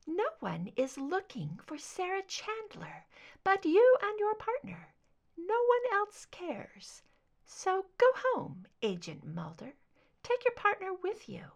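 A cold, lethal female bodyguard , as a woman reader puts her on, pitched high above the narration. She murmurs her threats softly, close to a whisper, in an audiobook of fan fiction. Her delivery swoops and lifts. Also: wildly swooping pitch, takes it slowly, vocal fry, full character voice. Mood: menacing. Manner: soft threatening near-whisper.

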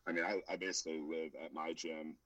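Very deep, dry-sounding man, hesitant. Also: level tone, fast, a bit bright, no echo, low-quality recording. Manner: hesitant, many fillers and restarts. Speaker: powerlifting coach. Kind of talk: casual podcast chat.

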